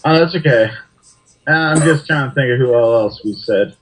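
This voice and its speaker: A man with a mid-range voice co-hosts a casual podcast chat. He talks in a relaxed way and swears freely. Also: mid-range voice, moderate pace, rough recording. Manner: laid-back, profane.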